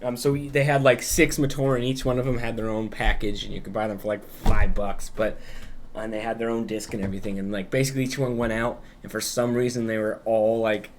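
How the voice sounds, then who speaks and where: Brisk and steady, with a lowish voice and slight background noise, a man co-hosting a podcast loosely recounts a story in casual conversation, swearing openly and performing the lines he quotes.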